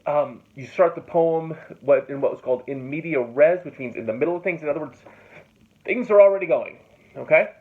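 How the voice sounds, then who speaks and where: A man's voice: a little high, fairly quick. A man teaching a classroom lecture in a loose, conversational way, checking in often with his students. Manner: casual and conversational, checks in with "okay?" and "right?". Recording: tinny phone-like classroom recording.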